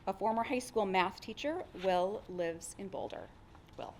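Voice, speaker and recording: A woman hosting a book awards reading, giving a measured, formal introduction of the next author. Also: mid-range voice, animated, very noisy. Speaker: event host introducing readers.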